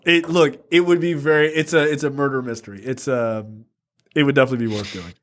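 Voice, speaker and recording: A man's voice: mid-range voice, fairly even intonation, fast. A man co-hosting a casual film review podcast, recapping the plot in a rambling, profane way. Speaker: podcast co-host.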